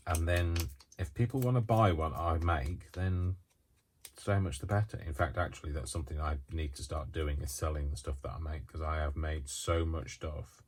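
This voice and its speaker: A man's voice: a bass voice, darkish tone, slight background noise. A man chatting casually to the camera while he crafts, rambling and hesitant with lots of ums and restarts, and yawning now and then. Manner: yawns often while talking. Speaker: craft vlogger.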